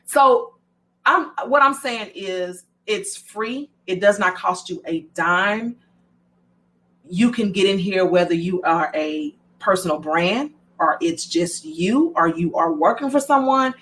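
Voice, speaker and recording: A woman with a Southern drawl hosting a broadcast, talking in an animated, repetitive and emphatic way with many fillers. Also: mid-range voice, slow. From American South. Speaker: host. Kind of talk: motivational broadcast talk.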